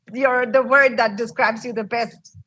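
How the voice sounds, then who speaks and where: A woman's voice: on the high side, fairly even intonation, slow pace, a bit bright, muffled recording. A woman teaching an interactive online English class in an upbeat, encouraging way. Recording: noisy online class audio.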